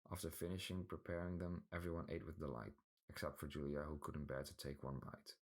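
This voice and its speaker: A man reading a fantasy audiobook aloud with a remarkably deep, low voice. His reading is plain and even, scene by scene. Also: brisk, vocal fry. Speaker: audiobook narrator. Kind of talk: scripted storybook narration.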